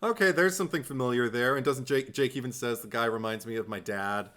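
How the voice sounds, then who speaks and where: A man co-hosting a casual podcast, talking in an animated, playful way and laughing often. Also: mid-range voice, fast. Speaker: podcast co-host.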